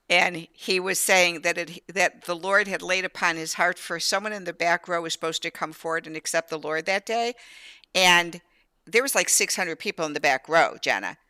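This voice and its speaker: An older woman hosting an interview show, telling her own story in an animated, candid way. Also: sits low, clear, resonant tone, dry recording. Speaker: show host. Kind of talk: casual interview conversation.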